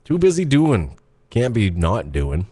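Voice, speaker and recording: Animated, playful male host. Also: fairly low pitch, slightly rough, no echo. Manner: quick, playful, restarting. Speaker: show host. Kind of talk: casual chat.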